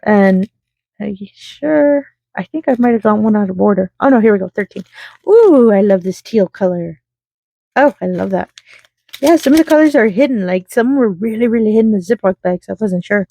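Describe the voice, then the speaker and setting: A woman's voice: medium pitch, lively intonation, normal speed, creaky, warm tone. A woman hosting her craft channel, chatting casually and giggling to viewers while she sorts beads.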